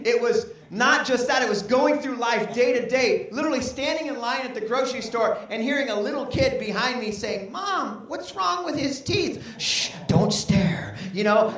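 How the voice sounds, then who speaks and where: Middle-aged man, storytelling talk, lively and comic, far from the mic in a large hall. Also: sits high. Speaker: speaker. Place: large hall with a teen audience.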